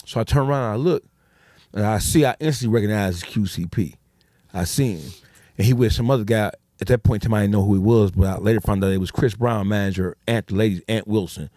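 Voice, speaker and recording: Man, guest on a podcast, talks quick and swears a lot, dry close sound. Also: on the low side, mellow, dry recording. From Detroit, USA. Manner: profane, street slang, acts out quoted dialogue. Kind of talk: casual storytelling.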